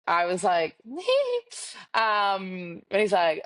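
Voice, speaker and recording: A woman in her 20s co-hosts a podcast, telling a dating story in a chatty, animated way and acting out the quoted dialogue. Her voice sits at a medium pitch and she draws out her words. The recording is dry and comes through a video call.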